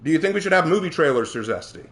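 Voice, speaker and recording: A male streamer rants at his chat while he plays, heated and indignant. His voice sits high and leaps around in pitch as he pushes back at viewers by name. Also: lively intonation, very fast, a bit bright. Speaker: streamer and writer. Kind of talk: live-stream rant to chat while gaming.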